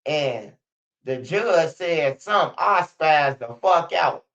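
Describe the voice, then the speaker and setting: A man with a high voice talks on a live stream, full of profanity and animated storytelling. The audio is dull and lo-fi. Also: takes it slowly. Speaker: streamer commenting on street news. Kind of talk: casual live-stream commentary.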